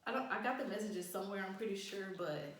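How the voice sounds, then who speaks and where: Animated swearing young woman, echoey room. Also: medium pitch, quick pace. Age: young adult. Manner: animated, profane, acts out quotes. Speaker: vlogger. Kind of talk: casual storytime chat.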